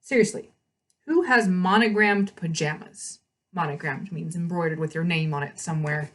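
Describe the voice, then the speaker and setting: A woman hosting a read-aloud, reading a novel with chatty asides and quick self-corrections. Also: fairly low pitch, fairly bright tone.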